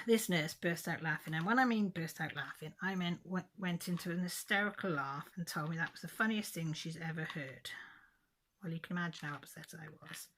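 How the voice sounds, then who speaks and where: Rambling, low-voiced woman vlogger. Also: moderate pace, a little hiss or hum. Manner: rambling, loses track of days. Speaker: craft vlogger. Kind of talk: casual chat.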